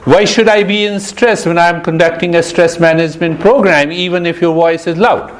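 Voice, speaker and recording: A man leading a stress management session, talking slowly in a casual way and often laughing. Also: fairly high pitch, steady tone. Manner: slow, laughing often, friendly teasing. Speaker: meditation teacher. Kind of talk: casual group session talk.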